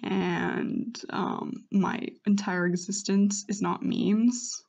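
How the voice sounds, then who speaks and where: A woman's voice: medium pitch, fairly even intonation, extremely slow, gravelly, a little mellow. A woman chatting casually and self-deprecatingly, rambling between attempts at character voices. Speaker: voice hobbyist. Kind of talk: casual vlog commentary.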